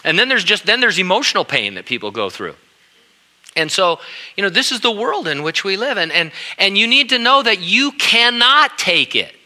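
Older man preaching in a bright voice. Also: high voice. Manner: earnest, conversational preaching with frequent restarts. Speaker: pastor. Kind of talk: sermon.

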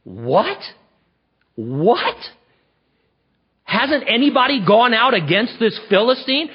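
Bold young man, outraged and eager, put on by a preacher. Husky and strained, lo-fi sound. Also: extremely high pitch, pitched above the performer's own voice, full character voice. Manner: incredulous, rising outburst. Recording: dull lo-fi recording.

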